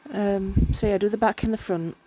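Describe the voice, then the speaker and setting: A woman's mellow, mid-range voice moves at a moderate pace with fairly even intonation. Tired, she rambles through casual narration of her miniature crafting vlog and keeps stumbling over her words.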